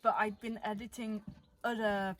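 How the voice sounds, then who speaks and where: A woman's voice: medium pitch, level tone, moderate pace, fairly bright tone. A young woman who works with the horses and edits the videos, talking in a playful, jokey way. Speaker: stable worker and video editor. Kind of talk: casual chat.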